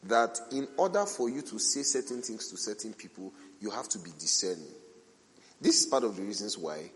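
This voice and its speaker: A man preaching a sermon as a pastor, telling animated everyday stories, asking rhetorical questions and acting out the people he quotes. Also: on the low side, normal speed. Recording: long reverb from a large hall.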